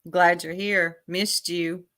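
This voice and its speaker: A woman's voice: fairly low pitch, flat delivery, takes it slowly, a bit bright. A woman hosting her own livestream, casually chatting and teasing her viewers in a sassy way. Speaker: livestream host.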